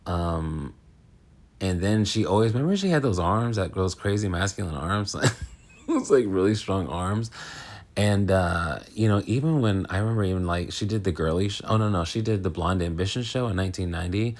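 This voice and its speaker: Low-voiced man rambling about astrology. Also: normal speed, a little mellow. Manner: rambling, filler-heavy, frank. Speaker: astrologer, channel host. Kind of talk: casual monologue on astrology.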